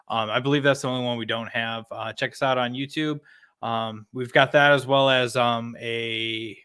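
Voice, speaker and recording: A man who plays in a band, a guest in a casual podcast chat, relaxed and loose with fillers. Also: mid-range voice, smooth. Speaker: musician guest.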